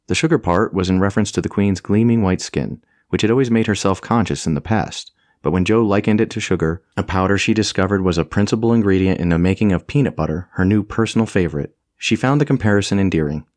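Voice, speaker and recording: A man's voice: low-pitched, fast, hardly any pauses, darkish tone, no room sound, clean studio sound. A man narrating a comic fantasy audiobook with a wry, storytelling delivery.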